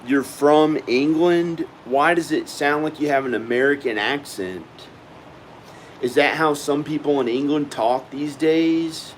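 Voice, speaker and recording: A man's voice: fairly high pitch, a little slow, slight background noise, rough recording. A man vlogging at home in a casual, rambling monologue, often repeating himself as he talks to the viewer. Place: at home indoors.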